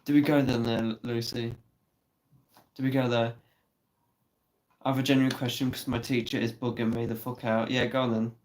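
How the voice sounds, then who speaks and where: Guy on a live stream, chatty, teasing, swears a lot, mid-pitched voice. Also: level tone, moderate pace, pauses often, darkish tone, slight background noise, low-quality recording. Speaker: livestream host. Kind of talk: casual live chat reading comments.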